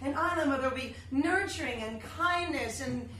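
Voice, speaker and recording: A woman in her thirties tells a comic story on stage, chatty and self-deprecating. Her voice sits high and bright. The live recording is distant and roomy, with faint noise. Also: normal speed. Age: 30s. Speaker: solo stage performer. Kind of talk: solo comedy storytelling. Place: theater stage.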